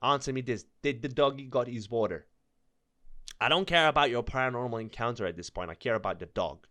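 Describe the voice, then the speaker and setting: A man's voice: mid-range voice, animated, a little fast, bright, forceful tone, no echo. A man reading creepy stories aloud, nervous and stumbling, breaking off to laugh and joke between passages. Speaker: storyteller reading online stories. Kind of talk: reading aloud with joking commentary.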